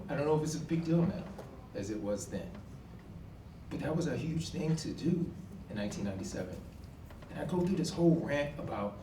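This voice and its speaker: A man in his forties telling a personal story on stage, animated and acting out the dialogue. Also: mid-range voice, background noise. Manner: animated, acts out quoted dialogue with emphatic outbursts. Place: college event hall. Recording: echoey hall from far off.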